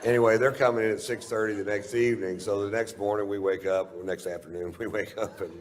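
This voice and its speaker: A man's voice: fairly low pitch, fairly even intonation, fast, some chatter behind. A male stand-up comedian telling a rambling, profane story on stage, speaking in a laid-back way into a handheld mic. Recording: reverberant hall, faint noise.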